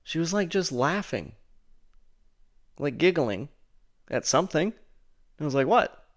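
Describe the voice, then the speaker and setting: A man hosting his own show, telling a rambling personal story full of "like" and "and then," putting on a higher voice to mock what others said. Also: expressive, unhurried. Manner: mocks the friend's lines in a higher voice. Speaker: show host. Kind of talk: casual storytelling.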